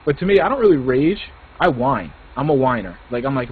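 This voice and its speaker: A middle-aged man in casual chat, quick and self-mocking, acting out his own whining. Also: mid-range voice, very animated, slightly rough. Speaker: gaming podcast co-host. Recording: tinny phone-like line with faint noise.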